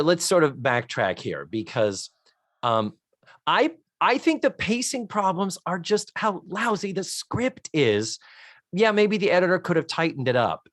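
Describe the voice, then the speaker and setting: A man co-hosting a podcast, chatting casually and recapping scenes at a measured pace. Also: mid-range voice, dry recording, clean studio sound. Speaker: podcast co-host. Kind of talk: casual chat.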